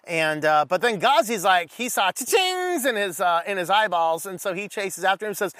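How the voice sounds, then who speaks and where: Animated, joking male Bible teacher. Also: high-pitched, fairly quick, hardly any pauses, no room sound. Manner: animated, joking, reads scripture aloud, acts out dialogue. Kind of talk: casual Bible study talk.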